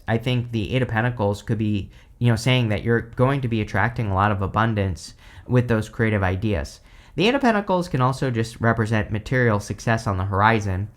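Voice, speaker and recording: Rambling man giving a tarot reading. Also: fairly low pitch. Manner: rambling, many fillers and restarts. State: tired, stifling yawns. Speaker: tarot reader. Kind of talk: casual tarot reading to camera.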